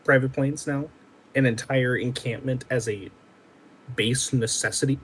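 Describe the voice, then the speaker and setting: A man co-hosting a podcast, chatting casually and telling stories excitedly. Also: mid-range voice, unhurried, a little hiss or hum, poor audio. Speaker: podcast co-host. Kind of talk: casual chat.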